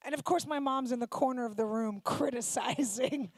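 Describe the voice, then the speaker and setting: A woman's voice: fairly high pitch, moderate pace, few pauses, a little mellow, no room sound. A woman doing stand-up comedy with crowd work, sarcastic, brash and profane. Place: synagogue comedy night stage.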